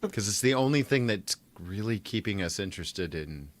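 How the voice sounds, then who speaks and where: A man co-hosting a podcast in casual chat, wry and quick to laugh. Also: on the low side, animated. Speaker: podcast co-host.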